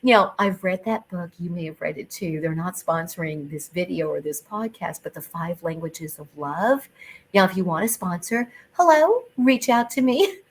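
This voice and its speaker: A middle-aged woman hosting her own podcast, talking chattily with animated emphasis and playful asides. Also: lowish voice, normal speed, a little hiss or hum, low-quality recording. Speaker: podcast host. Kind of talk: solo podcast talk.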